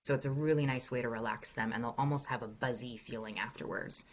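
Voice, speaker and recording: A woman's voice: rumbling low, steady tone, fast, muffled recording. A woman voice coach answering questions in an online workshop, upbeat and encouraging as she demonstrates exercises. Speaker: executive voice coach. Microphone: video call.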